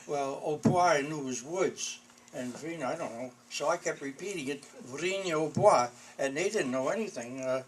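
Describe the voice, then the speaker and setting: An elderly man in his eighties, a war veteran, shares wry anecdotes in a slightly high voice at a normal pace, chuckling and frequently dissolving into laughter. The audio quality is poor, with a little background noise.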